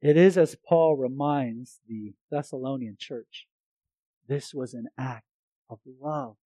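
A man preaching a sermon to a congregation, swinging between loud emphatic lines and hushed earnest ones, with light jokes between points. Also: medium pitch, slow, no room sound, low-quality recording.

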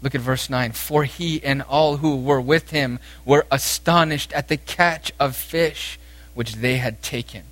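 A male preacher delivering a sermon at an unhurried, deliberate pace. His voice sits in an ordinary middle pitch. He swings between raised, emphatic exhortation and quiet, intense passages.

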